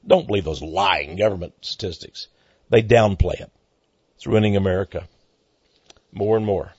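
A man hosting a monologue commentary, speaking emphatically and climbing into excited outbursts, on a dull lo-fi recording. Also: deep voice, normal speed, husky, no echo. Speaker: commentary host.

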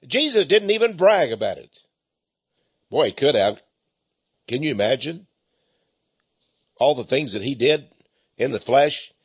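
Folksy older East Texas preacher. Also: male voice, medium pitch, sing-song, unhurried, long pauses, breathy edge, no room sound. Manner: folksy, repeats words, chuckles. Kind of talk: folksy sermon-style talk. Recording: slightly dull lo-fi recording.

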